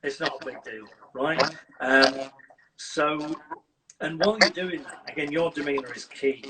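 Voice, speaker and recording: A man, a dog trainer, giving lively, casual advice on a video call. He acts out scenes and keeps checking in with "right?". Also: fairly high pitch, measured pace. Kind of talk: casual advice on a live stream. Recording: distant mic with loud noise.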